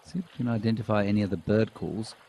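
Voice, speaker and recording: A man commentates on live wildlife footage in a low, warm voice, chatting easily with viewers. His humor is dry and deadpan. Faint outdoor bird ambience sits behind him. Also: fast talker, gravelly, slight background noise. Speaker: wildlife show host.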